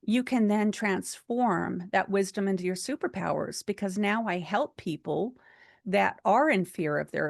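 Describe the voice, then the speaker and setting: A woman's voice: mid-range voice, vocal fry, dry recording, studio quality. A woman giving a seminar talk, earnestly telling a personal story in a chatty way with many fillers. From United States. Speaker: seminar speaker.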